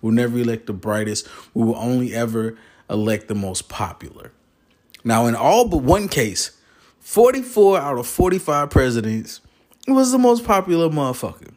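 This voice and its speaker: A man delivers a heated political rant straight to his viewers, swearing constantly. His speech rambles and restarts as he gets worked up. His voice sits at a middle pitch. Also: sing-song, moderate pace, darkish tone. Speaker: vlogger.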